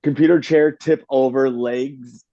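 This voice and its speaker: A man as a podcast guest over a video call, excitable and rambling. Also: medium pitch, unhurried, dry recording, highs cut off. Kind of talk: casual chat.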